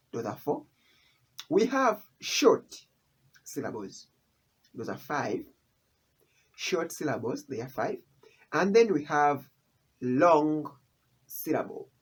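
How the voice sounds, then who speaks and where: A teacher talks through a language lesson at an unhurried, deliberate pace. The voice is husky and rises and falls a lot, and the speaker keeps repeating each key term. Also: mid-range voice. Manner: repeats key terms, explains step by step.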